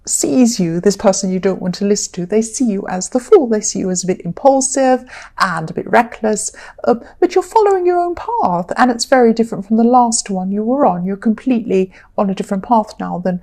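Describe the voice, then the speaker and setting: A woman giving a casual tarot reading in a relaxed, chatty way, with many fillers. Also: mid-range voice, fairly quick. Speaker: tarot reader.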